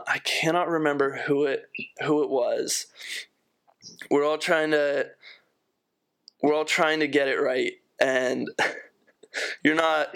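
A man's voice: mid-range voice, a bit bright, smooth. A young man from the United States, a volleyball player telling a story in a casual interview and repeating words as he recalls them. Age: young adult.

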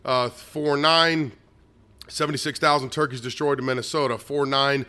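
A man reads aloud from his own notes, rattling off date after date in a smooth, resonant voice. He stumbles, restarts and drops in fillers but keeps pressing through the list. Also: medium pitch, steady tone, normal speed, sharp tone.

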